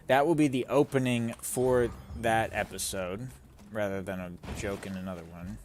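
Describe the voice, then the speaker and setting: A man's voice: fairly low pitch, steady tone, moderate pace, darkish tone, slight background noise. A man streaming a game, chatting casually in a rambling way and swearing often. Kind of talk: casual live-stream chat while gaming. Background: game music.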